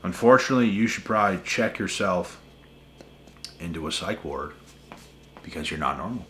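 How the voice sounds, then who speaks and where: A man's voice: low-pitched, animated, normal speed, pushed and bright, slight background noise. A man hosting a spiritual channel, ranting to camera in an emphatic, repetitive way with a lot of swearing. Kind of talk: casual rant to camera.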